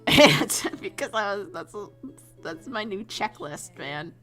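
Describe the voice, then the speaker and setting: A woman's voice: on the low side, animated, moderate pace, a bit bright, faint music behind. A young woman chatting casually while she draws on stream, rambling, giggling and swearing offhand. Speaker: streamer drawing a storyboard. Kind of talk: casual chat while drawing.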